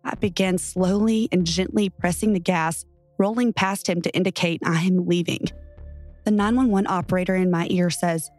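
A woman's voice: fairly low pitch, steady tone, moderate pace, a little mellow, soft background music. Woman narrating a true horror story.

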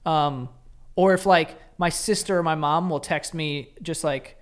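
A man's voice: fairly high pitch, moderate pace, fairly bright tone, clean tone. Rambling New man in his thirties. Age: 30s. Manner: rambling, filler-heavy, self-deprecating anecdotes. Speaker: podcast co-host. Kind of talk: casual comedic chat.

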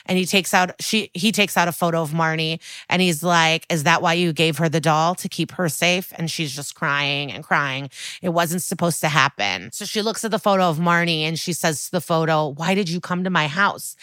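A woman's voice: deep voice, dry recording. A woman co-hosting a podcast, recapping a TV episode in casual chat and acting out the characters' lines with lots of "like.". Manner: animated storytelling, acts out quotes, many "like"s. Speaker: podcast co-host.

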